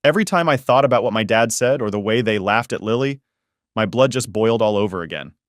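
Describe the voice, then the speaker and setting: A man's voice: on the low side, animated, fast, no room sound, studio quality. A man narrating a first-person family story in a casual, blunt way that swears freely.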